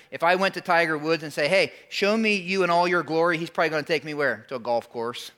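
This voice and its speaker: A man's voice: high voice, bright, forceful tone. A man in his forties preaching a sermon, storytelling with animation and calling out to his congregation. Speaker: pastor.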